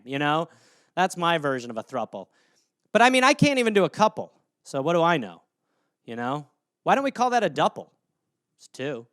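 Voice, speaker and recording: A man's voice: on the high side, huge pitch swings, moderate pace, long pauses, fairly bright tone, dry recording, studio quality. A man in his thirties hosting a solo comedy podcast, ranting and acting out silly scenes with lots of swearing. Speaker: podcast host.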